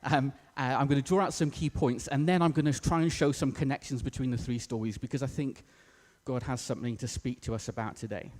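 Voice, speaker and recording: A man's voice: medium pitch, fairly even intonation, fairly quick, hardly any pauses, darkish tone. A man preaching a sermon in a church, casual and self-deprecating with plenty of fillers. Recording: echoey church hall.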